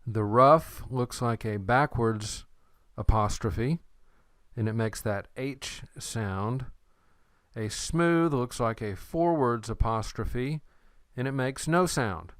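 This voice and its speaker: A man teaching a recorded language lesson, slow and patient, saying words twice for the learner. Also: medium pitch, animated, a bit bright, no echo, studio quality. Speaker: Greek teacher.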